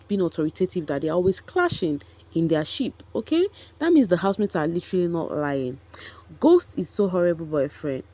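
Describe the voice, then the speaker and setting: A woman's voice: on the low side, dark tone. A woman, gossiping chattily about a reality show for her vlog viewers, with frequent asides to them. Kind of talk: casual commentary vlog.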